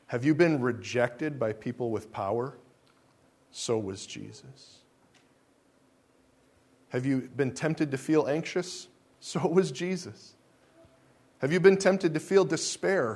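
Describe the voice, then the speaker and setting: A male pastor delivering a sermon in a voice of ordinary middle pitch. He speaks with emphasis and fires rhetorical questions at his listeners. He drops to slow, quiet lines and then rises to loud, lively ones. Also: slightly rough. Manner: wide swings between soft and loud.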